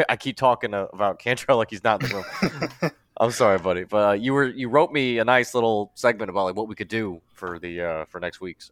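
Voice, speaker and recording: A man's voice: lowish voice, fairly bright tone. A man hosting a casual podcast, rambling and breaking off mid-sentence, laughing at himself. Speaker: podcast host.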